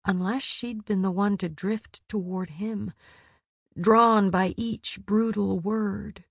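A woman narrating a story aloud in a measured, steady reading voice. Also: medium pitch, vocal fry, slightly rough, no room sound. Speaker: audiobook narrator. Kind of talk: scripted narration.

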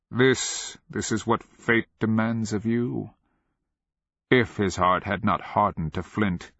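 A man reading a dark fantasy story aloud in a measured, grave narration. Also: deep voice, dry recording, lo-fi sound. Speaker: audiobook narrator. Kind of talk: scripted narration.

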